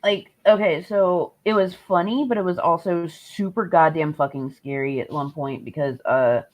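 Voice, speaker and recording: A woman's voice: lowish voice, normal speed, darkish tone. Profane ranting woman streamer. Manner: swears heavily, sarcastic, rants. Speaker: livestream host. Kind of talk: casual livestream chat. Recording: dull lo-fi stream audio.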